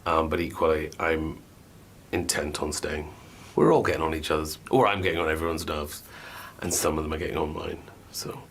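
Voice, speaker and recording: A man giving a diary room confession in a hesitant, halting way. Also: rumbling low, little pitch movement, a bit bright, slight background noise. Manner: hesitant, halting speech with fillers. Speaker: reality show contestant.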